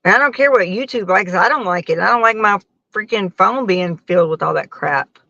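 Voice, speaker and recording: A worn-out woman chats loosely with her live-stream viewers, laughing between rambling stories. Her voice has a plain middle pitch, recorded dull and dry through a phone mic. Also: fairly quick, vocal fry, sharp tone, no room sound. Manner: rambling, laughing often, talking to her chat. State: tired after a long work shift. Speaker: livestreamer chatting with viewers. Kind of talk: casual live-stream chat.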